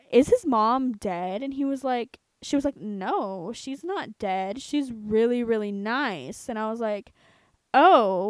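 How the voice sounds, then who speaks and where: Young woman, podcast co-host, casual storytelling, profane and animated, fairly high voice, dry sound. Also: no room sound. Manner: profane, animated, talks to listeners directly.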